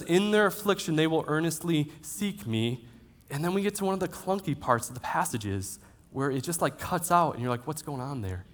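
A man in his thirties preaching a sermon in a church auditorium, swinging between loud, emphatic lines and soft, drawn-out ones. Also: fairly high pitch, breathy edge. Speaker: pastor. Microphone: handheld or headset mic.

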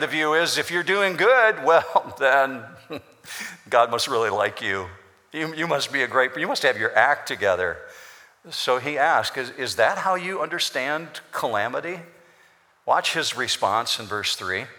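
A man's voice: mid-range voice, animated, a little slow, bright, forceful tone. A man preaching a sermon as pastor, explaining scripture in an emphatic, repetitive way in a church. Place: church sanctuary. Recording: long hall reverb.

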